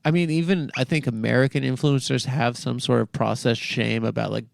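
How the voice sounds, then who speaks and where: Gravelly-voiced man rambling in chat. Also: medium pitch, fairly even intonation, brisk, no room sound, clean studio sound. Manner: rambling with many fillers. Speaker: podcast co-host. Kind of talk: casual comedic chat.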